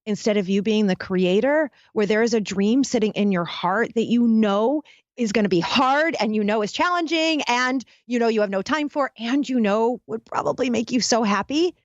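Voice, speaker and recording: A woman's voice: mid-range voice, no echo, lo-fi sound. A woman guest telling a dramatic personal story in an interview, speaking intensely and straight to the listeners. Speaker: guest, happiness expert. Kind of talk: candid storytelling interview talk.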